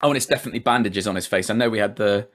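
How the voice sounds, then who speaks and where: A man's voice: lowish voice, very fast, background noise. A man hosting a casual podcast recap, chatty, laughing often and swearing casually. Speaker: podcast host.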